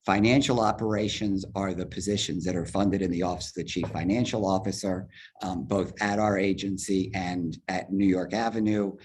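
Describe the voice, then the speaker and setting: Guy on a video call going thru budget numbers fast, lowish husky voice. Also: a little mellow. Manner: explains figures step by step, hurried. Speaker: agency head presenting a budget. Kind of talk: virtual public forum presentation. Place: virtual meeting, speaking from home or office.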